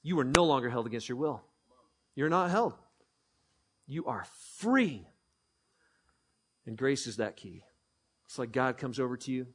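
Speaking at medium pitch and a moderate pace, a preacher delivers an emphatic sermon, leading call-and-response with the congregation. He repeats phrases and moves from hushed tones to ringing ones.

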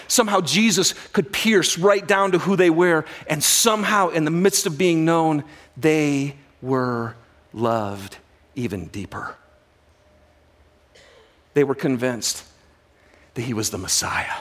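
This man preaches as a pastor, shifting from dramatic near-whispers to loud bursts of excitement, with humorous asides mixed in.

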